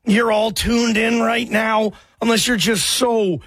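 Excitable late night sports radio dude, high voice, dry close sound. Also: male voice, slow pace, breathy edge, no echo. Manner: fired-up, loose, shouty. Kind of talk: energetic call-in radio talk.

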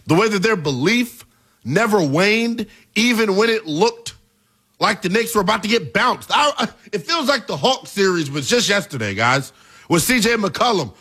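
A young man in his twenties hosts a sports talk show with emphatic, hyped energy. His voice sits high and bright, swinging widely in pitch as he punches his points home. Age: 20s. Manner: emphatic, hyped, shouting at peaks. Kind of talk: animated sports talk commentary.

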